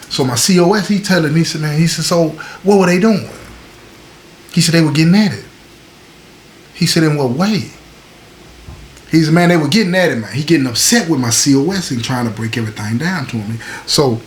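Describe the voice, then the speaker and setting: A man telling a prison story in casual slang, switching his pitch up and down as he voices the other men. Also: slight background noise. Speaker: storyteller host.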